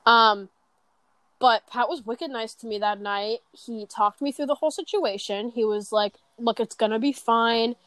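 A woman's voice: on the high side, unhurried, a bit bright, no echo. Rambling, swearing teenage girl. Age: teens. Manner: rambling, profane, with frequent fillers and restarts. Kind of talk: casual chat. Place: bedroom.

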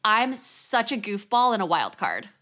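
A woman's voice: mid-range voice, wildly swooping pitch, a little slow, pushed and bright. A woman co-hosting a podcast, chatting casually and animatedly with frequent laughs. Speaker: podcast co-host. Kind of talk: casual chat.

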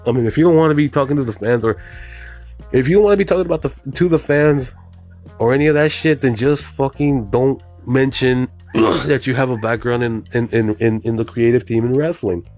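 A man's voice: mid-range voice, fairly quick, darkish tone, faint music behind. A man hosting his own show, ranting in a casual, profane, rambling way and mocking others in a put-on voice. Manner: profane, rambling, repeats "you know what I mean". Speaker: podcast host. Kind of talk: casual solo rant.

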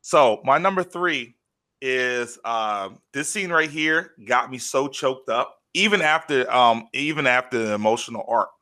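Bright-voiced man in casual podcast chat. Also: mid-range voice, a little slow. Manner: animated storytelling with many fillers. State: choked up, near tears. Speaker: podcast co-host.

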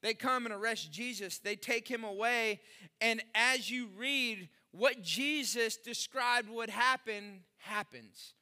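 A middle-aged man preaching a sermon as a pastor, his voice pitched high and ringing with a sharp, forceful brightness. He speaks with animation and slips into the voices of the people in the story as he reads. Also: slow.

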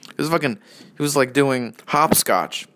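A man's voice: mid-range voice, normal speed, fairly bright tone. A man in his early twenties giving a rambling, profane solo monologue as a vlogger, often interrupting himself. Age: early 20s. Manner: profane, meandering, self-interrupting.

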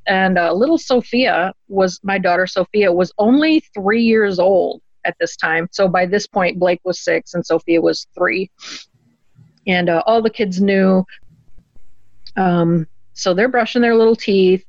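A woman guest telling a personal story in an earnest, animated way. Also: lowish voice, no echo. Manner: earnest, animated storyteller who acts out quotes. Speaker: interview guest. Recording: dull, dry lo-fi recording.

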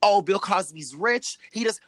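A woman's voice: mid-range voice, animated, normal speed, dry recording. Woman w/ ranting mad on a podcast, super dry sound. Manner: angry, ranting, profane. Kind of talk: heated casual chat.

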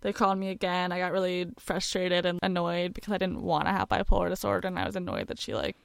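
A young woman co-hosts a podcast and tells a personal story, chatty and candid, with plenty of casual fillers. Her voice is smooth and clear. The sound is dry and close. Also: on the low side, fast, dry recording. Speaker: podcast co-host.

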